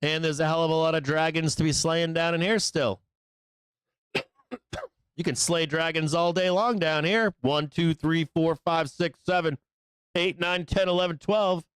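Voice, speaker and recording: Brash trading host, smooth and dry, rambling, swears freely. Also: male voice, a little high, fairly even intonation, measured pace, fairly bright tone, dry recording. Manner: blunt, profane, rambling. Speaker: live trading show host. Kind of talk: live market commentary.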